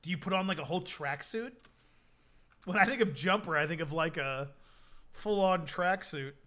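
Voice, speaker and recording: Bright-voiced rambling guy. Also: on the high side, normal speed. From United States. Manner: rambling, lots of "like" fillers. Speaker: streamer reading chat. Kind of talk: casual stream chat.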